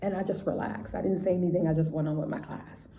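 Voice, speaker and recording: A woman's voice: on the low side, steady tone, fast. A woman teacher telling a classroom story in a chatty, casual way, often checking in with "right?" and "you know". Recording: roomy echo, faint background noise.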